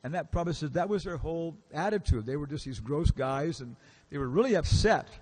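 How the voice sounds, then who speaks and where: A man's voice: a little high, animated, fairly quick, noisy background. A man giving a casual, storytelling lecture in a temple hall, acting out the characters he quotes and asking the audience questions. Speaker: visiting lecturer.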